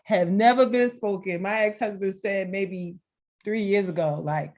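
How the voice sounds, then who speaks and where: A middle-aged woman shares personal stories over a video call. She speaks expressively and warmly in tone, with a mid-range voice, and she often breaks into laughter. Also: medium pitch, measured pace. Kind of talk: heartfelt conversational storytelling.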